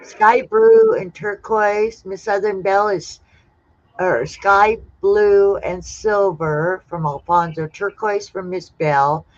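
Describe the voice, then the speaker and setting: Woman livestream host, slow relaxed delivery, dull lo-fi audio. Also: mid-range voice. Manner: relaxed, reads out chat replies one by one. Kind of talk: casual live-stream chat reading viewer answers. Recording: dull lo-fi sound.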